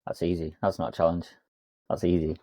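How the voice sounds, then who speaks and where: A man's voice: low voice, little pitch movement, fairly quick, mellow, no room sound. A man co-hosting a casual coaching podcast, self-mocking and laughing often. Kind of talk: casual chat.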